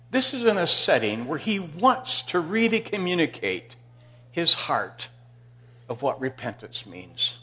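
This pastor's voice is on the high side as he tells a Bible story during a church sermon, alternating loud, emphatic moments with hushed asides.

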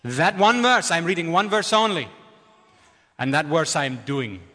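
A man doing a booming preacher. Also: very animated, sharp tone, in a large hall, full character voice. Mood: earnest. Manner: slow, emphatic, repetitive declarations. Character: tall male Indian preacher, deep booming voice, earnest.

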